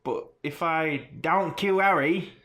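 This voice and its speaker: A man reading out a melodramatic teenage goth girl's lines, shrill and overwrought. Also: slow pace, a bit bright.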